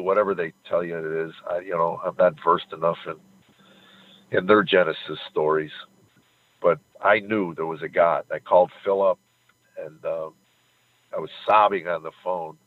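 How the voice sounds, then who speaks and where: Deep-voiced guy sharing his faith story, earnest and halting, sounds like a tinny phone line. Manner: earnest, halting, chokes up when moved. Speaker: comedian guest. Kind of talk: emotional faith testimony.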